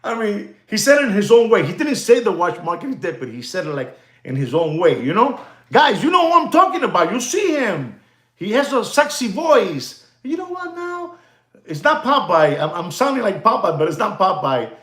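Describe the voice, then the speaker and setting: A man's voice: high voice, sing-song, moderate pace, a bit bright, roomy sound. A man, rambling in casual livestream chat with viewers, repeating himself and laughing often. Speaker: watch dealer hosting a livestream.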